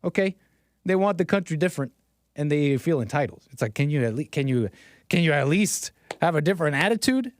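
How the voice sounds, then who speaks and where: A man's voice: a little high, animated, brisk, dry recording. Sarcastic man chatting on a dry mic. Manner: sarcastic, chuckling often; talks straight to chat. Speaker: livestream host. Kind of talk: political commentary livestream.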